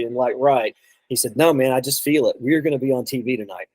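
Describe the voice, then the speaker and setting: A man's voice: mid-range voice, fast, a little mellow, dry recording, low-quality recording. Man, casual storyteller, rambling, restarts, acts out quotes, dry close sound. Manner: rambling anecdotal, many restarts and quoted asides. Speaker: guest drummer.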